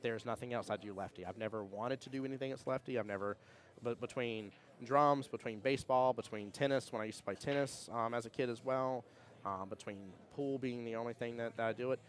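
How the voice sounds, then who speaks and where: A man hosting a pool tournament stream, chatting casually and reading viewer comments in a rambling, storytelling way. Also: medium pitch. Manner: fast, rambling storyteller with restarts and laughs. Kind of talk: casual chat with live chat readouts.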